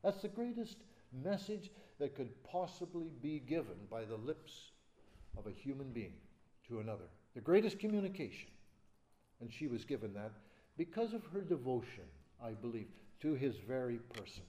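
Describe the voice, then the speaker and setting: A man preaching a sermon, acting out quoted voices and swinging from loud emphasis to hushed, soft lines. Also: medium pitch, sing-song, normal speed. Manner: acts out quoted speech. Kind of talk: expository sermon.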